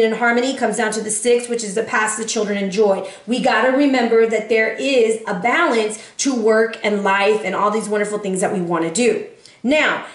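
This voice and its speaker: A woman giving a casual tarot reading, sassy and animated, talking straight to her viewers. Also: a little high, echoey room. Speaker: tarot reader.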